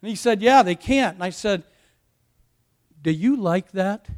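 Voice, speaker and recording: High-voiced man preaching with rising emphasis. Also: animated, a little slow, a little mellow. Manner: playful asides with self-mocking humor. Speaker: pastor. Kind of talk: sermon.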